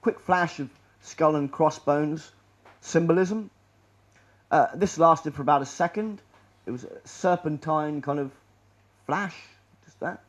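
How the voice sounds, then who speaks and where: A man's voice: a little high, measured pace, long pauses. A man giving a rambling, sarcastic talk over slides, full of restarts and asides. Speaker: conspiracy lecturer.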